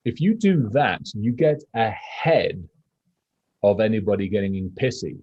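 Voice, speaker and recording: A man's voice: lowish voice, measured pace, husky, dry recording, dull audio. A man co-hosting a casual podcast, rambling and profane, acting out quotes as he talks. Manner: rambling, profane, animated storytelling. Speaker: podcast co-host.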